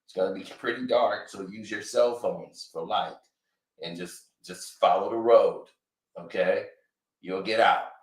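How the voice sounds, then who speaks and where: Man doing a quiet, evasive rapper impression, deeper than his own voice, with room echo. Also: lightly acted. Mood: pleading. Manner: low, subdued, measured. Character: impression of a famous male rapper, calm, evasive, soft-spoken. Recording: echoey room.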